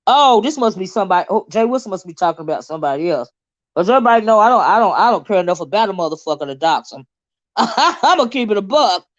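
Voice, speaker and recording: A woman's voice: medium pitch, expressive, fast, dry recording, highs cut off. A woman hosting a livestream in casual chat, fired up, blunt and profane, often stumbling over repeated words. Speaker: livestream host.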